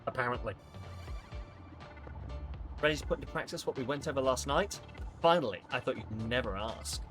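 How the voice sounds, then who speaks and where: A man on a live stream playing a game, reading its dialogue aloud and thinking out loud, with lively delivery. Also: mid-range voice, moderate pace, over music.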